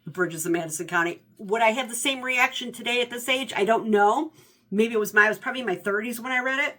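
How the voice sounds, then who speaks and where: A woman in her fifties chatting casually about her favorite books, rambling and animated, correcting herself as she goes. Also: fairly high pitch, fairly quick. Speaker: book vlogger. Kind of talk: casual book review chat.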